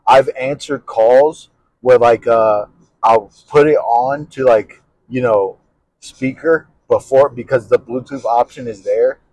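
Young guy cohost, chill slangy talk, mid pitch, dry close mic. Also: steady tone, slow, a little mellow, no room sound, poor audio. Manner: laid-back slangy banter. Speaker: podcast co-host. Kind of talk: casual chat.

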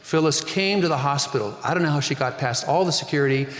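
A man's voice: fairly high pitch, quick pace, fairly bright tone. A man in his fifties, a pastor preaching a sermon with earnest storytelling and rising emphasis. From Northern California. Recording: echoey hall reverb.

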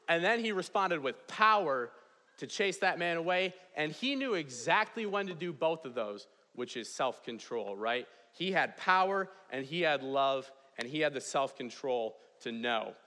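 A man's voice: a little high, sharp tone. A young man giving a chapel talk, telling a story with energy and asking "right?" often. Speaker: chapel speaker, residence hall director. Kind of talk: storytelling sermon. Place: large chapel hall. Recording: long hall reverb.

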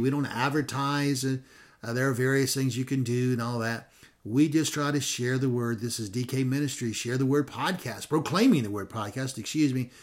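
A man hosting a ministry podcast, talking in a folksy, rambling way with frequent fillers and self-corrections. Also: medium pitch. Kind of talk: casual podcast sign-off.

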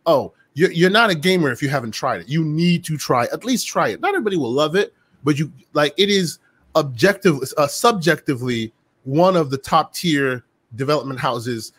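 Chatty higher-voiced podcast host. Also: male voice, normal speed, husky, no room sound. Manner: animated, chatty, many fillers and restarts. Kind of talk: casual gaming podcast chat.

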